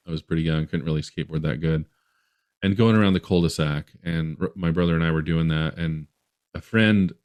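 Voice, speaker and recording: A man's voice: deep voice, darkish tone. A man from Utah, a podcast guest, telling a long story in a rambling way with many restarts.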